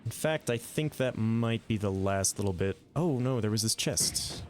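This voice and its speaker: A man giving live gameplay commentary, thinking aloud in a relaxed way with some mild swearing. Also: fairly low pitch, moderate pace, a little hiss or hum. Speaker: game streamer.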